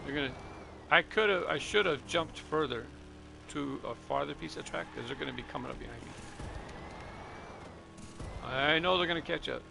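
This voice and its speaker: A man's voice: a little high, moderate pace, creaky, pauses often, background noise. A middle-aged man from Southern California, chatting casually and rambling as he comments on his own gameplay. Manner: chatty, rambling, self-correcting. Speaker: gaming channel host.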